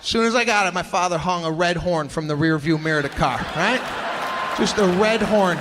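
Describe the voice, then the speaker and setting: High-pitched, exasperated stand-up comedian. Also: male voice, fairly quick, slight background noise. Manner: animated, exasperated storytelling with shouted punchlines. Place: large live comedy venue. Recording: live stage with hall echo and crowd.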